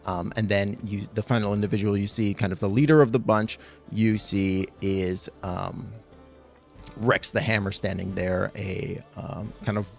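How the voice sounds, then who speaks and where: Low gravelly man running a tabletop game. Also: steady tone, unhurried, soft background music. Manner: rambling, full of ums and likes. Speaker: game master.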